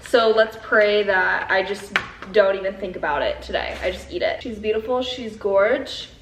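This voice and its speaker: A woman's voice: mid-range voice, moderate pace, fairly bright tone. A young woman chatting casually to camera as a lifestyle vlogger, giggly and talking to viewers like friends. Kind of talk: casual vlog chat to camera. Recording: echoey, off-mic, noisy background.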